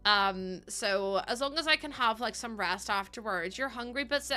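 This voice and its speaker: A woman's voice: a little high, normal speed, pushed and bright, faint music behind. A young woman streaming, chatting casually with her viewers and laughing often. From Ireland. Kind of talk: casual live-stream chat.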